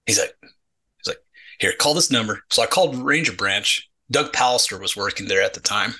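A man's voice: lowish voice, normal speed, husky, poor audio. A middle-aged man, a retired Army sergeant guest on a podcast, telling a story casually and acting out the people in it. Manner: animated storyteller acting out quoted dialogue, many repeated "he's like".

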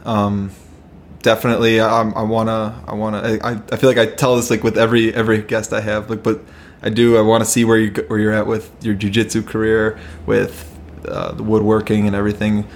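A man hosting a casual podcast, laid-back and quick to laugh, often repeating his words. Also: fairly low pitch, monotone, a little hiss or hum. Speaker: podcast host. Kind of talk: casual podcast chat and outro.

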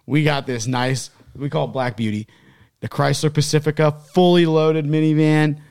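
A man co-hosting a golf podcast, telling animated stories in casual chat and laughing often. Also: fairly high pitch, normal speed, gravelly, clear, resonant tone. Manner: animated storyteller, laughs and swears. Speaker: podcast co-host.

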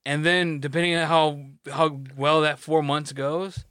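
A young man with a slightly high voice vents about his job in a loose, profanity-heavy rant. He talks the way friends do when they are just chatting. The sound is dry and close, with no room echo. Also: measured pace, clean tone. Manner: profane, ranting, animated storytelling. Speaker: podcast co-host. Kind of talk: casual chat.

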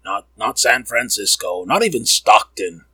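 A man's voice: fairly low pitch, big pitch swings, a little slow, pushed and bright, slightly rough, no echo, rough recording. A man hosting a comedic sports podcast, rambling and riffing with profanity.

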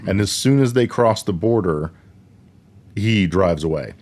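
A man's voice: deep voice, lively intonation, a little slow, a little mellow. Laid-back man recapping a movie. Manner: laid-back, swears casually, recaps plot with filler words. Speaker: podcast co-host. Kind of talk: casual movie review chat.

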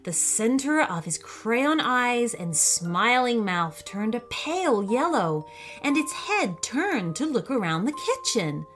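A woman reading a children's storybook aloud in an expressive, unhurried way. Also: a little high, soft background music.

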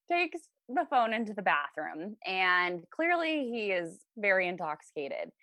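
A woman's voice: medium pitch, sing-song, slow pace, pushed and bright, dry recording. A young woman in her twenties, a podcast guest, telling a story in casual chat, laughing often and acting out the lines she quotes.

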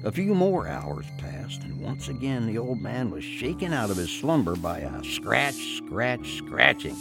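A man tells a spooky campfire folk tale in a folksy, unhurried way. His voice has a gravelly, creaky edge and swings widely in pitch as he builds suspense. The delivery is slow and deliberate. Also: sing-song, music in the background. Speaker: storyteller. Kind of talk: scripted folk tale narration.

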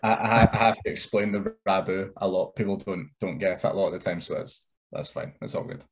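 Deep-voiced laid-back man guest. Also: brisk. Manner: easygoing, rambling with fillers. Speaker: wrestler guest. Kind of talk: casual interview chat.

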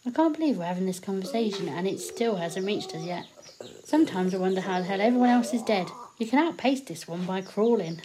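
A woman acting a blunt, teasing survivor of a zombie apocalypse in an audio drama, quick with sweary put-downs. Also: medium pitch, expressive, background noise, natural voice.

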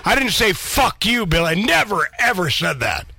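A man's voice: sits high, big pitch swings, moderate pace, vocal fry, bright, forceful tone, breathy edge, dry recording, studio quality. A man co-hosting a podcast, arguing in a profane, combative way. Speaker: podcast co-host. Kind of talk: angry casual argument.

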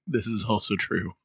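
Male podcast co-host, low voice, dry sound; teasing, jokey banter. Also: fairly bright tone, breathy edge, dry recording. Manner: joking, teasing, quick to laugh.

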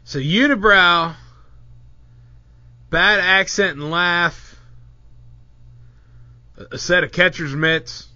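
A man hosting a podcast in casual banter, loud and teasing. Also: sits high, slow, long pauses. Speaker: podcast host. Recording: dull lo-fi podcast audio.

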